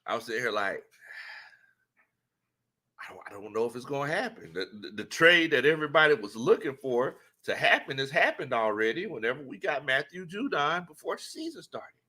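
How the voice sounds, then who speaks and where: A man's voice: mid-range voice, very animated, a little fast, sharp tone. A man hosting a casual sports talk stream, laughing often and greeting viewers by name. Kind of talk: casual live-stream chat.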